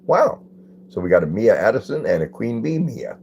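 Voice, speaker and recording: Man, deep and mellow, easygoing host reading viewer comments on a phone stream. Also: very animated, fairly quick, gravelly, dull audio, slight background noise. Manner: laid-back, greets chatters by name and reads comments aloud. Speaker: livestream host. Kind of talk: casual livestream chat with viewers.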